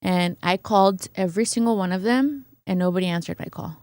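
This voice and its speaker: Speaking at normal speed in a smooth, low-leaning voice, a woman guest on a podcast shares a story from her own life. The recording is dry. She performs the dialogue of others with animation and keeps slipping in "right?" as she chats.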